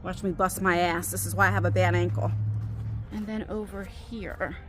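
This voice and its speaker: A middle-aged woman telling a personal story while walking outdoors, chatty and animated, acting out what others said. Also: lowish voice, normal speed. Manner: chatty, animated, quotes people in raised voices. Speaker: vlogger. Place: outdoors on a walk. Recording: faint outdoor background noise.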